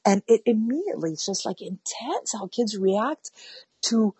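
A woman with a slightly husky voice speaks in a close, dry recording. She talks animatedly about parenting and often acts out gentle, soothing words to a child. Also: medium pitch, animated, normal speed, no room sound. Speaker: parenting guest. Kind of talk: conversational interview.

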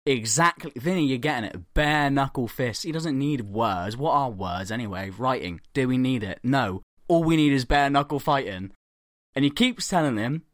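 A young podcast host spins a comic story with lively energy, swearing freely and jumping into voices for the people in it. His voice sits mid-range and the recording is dry and close. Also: mid-range voice, normal speed, no room sound. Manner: animated, swearing, acting out quotes.

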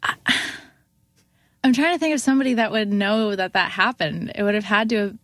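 Animated young woman telling a story. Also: mid-range voice, a little fast, no echo. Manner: animated, acts out quotes in a raised voice, many fillers of "like". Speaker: guest musician. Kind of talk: casual storytelling in a podcast chat.

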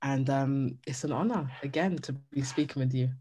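A woman with a notably low voice speaks as an interview guest. She answers earnestly and keeps circling back on her words, repeating phrases while she finds the next thought. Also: moderate pace, dark tone, breathy edge. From Jamaican heritage.

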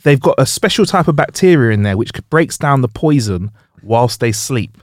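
A man's voice: medium pitch, animated, normal speed, dry recording, studio quality. A man, co-hosting a podcast in loose banter, laughing often and swearing. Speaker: podcast co-host. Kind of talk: casual banter.

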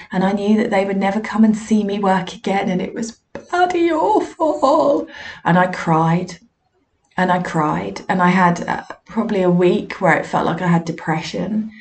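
A woman's voice: on the low side, a little mellow. A woman, a podcast host and medium, telling candid, self-deprecating stories from her own work. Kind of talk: personal storytelling monologue.

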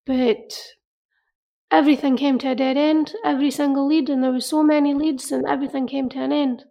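A woman telling an emotional personal story in an earnest, halting way, often repeating herself. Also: sits high, level tone, creaky. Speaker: interviewee. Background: soft music.

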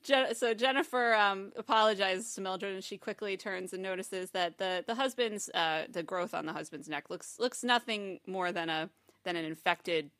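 Bright-voiced woman telling a comic tale. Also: medium pitch, normal speed, no room sound, studio quality. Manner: animated, laughing narration with restarts. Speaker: podcast co-host. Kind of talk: improvised comedic storytelling.

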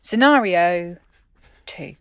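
A woman who hosts a podcast, speaking as a poet and theatre maker in measured spoken-word narration that lingers on words and drops softly in volume. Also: on the low side, expressive, no room sound.

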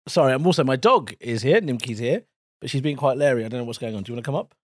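A man's voice: medium pitch, expressive, very fast, noisy background. A man co-hosting a comedy podcast in casual, bantering chat, swearing freely. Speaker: podcast co-host.

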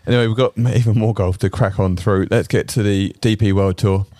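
A man's voice: fairly low pitch, fairly even intonation, brisk, dark tone, no room sound, studio quality. A man hosting a casual golf podcast, chatty and rambling with lots of fillers. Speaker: podcast host.

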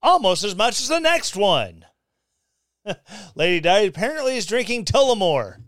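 A man with a high, lively voice hosts a podcast, reading an article aloud and cutting in with sarcastic remarks. His tone is smooth and clear. The sound is dry and close, with no room echo. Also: unhurried. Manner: sarcastic, reads articles aloud with mocking asides. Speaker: podcast host. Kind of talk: casual commentary.

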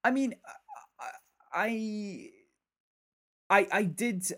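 A man's voice: sits high, animated, drawn-out words, bright, forceful tone. Rambling man co-hosting a film podcast. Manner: rambling, stumbling restarts, swears, laughs often. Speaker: podcast co-host. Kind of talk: casual film review chat.

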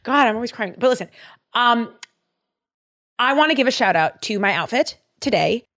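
A woman's voice: a little high, animated, normal speed, a bit bright. A young woman hosting a podcast from a studio, chatting casually in a playful, joking, rambling way. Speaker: podcast host. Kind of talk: casual chat. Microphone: studio microphone.

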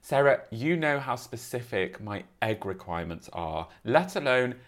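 A man's voice: mid-range voice, sing-song, moderate pace. A man co-hosting a podcast, telling a story in a theatrical way and acting out quotes. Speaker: podcast co-host. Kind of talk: casual chat, storytelling.

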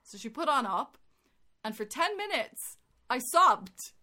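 A woman's voice: high-pitched, unhurried. A woman co-hosting a casual podcast chat, telling stories animatedly and swearing freely. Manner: animated storytelling, swearing, rising into loud excitement. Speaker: podcast co-host.

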